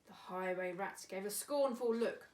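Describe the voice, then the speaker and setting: A woman's voice: mid-range voice, unhurried, darkish tone, far from the mic. Woman reading a rhyming picture book. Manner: sing-song rhyming delivery. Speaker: volunteer storyteller. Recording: echoey room, away from mic.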